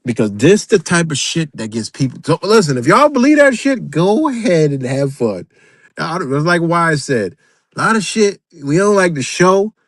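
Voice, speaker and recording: A man's voice: on the high side, big pitch swings, moderate pace, no echo, clean studio sound. A man hosting a livestream, ranting unscripted, profane and emphatic, repeating himself and talking straight to his viewers. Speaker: livestream host.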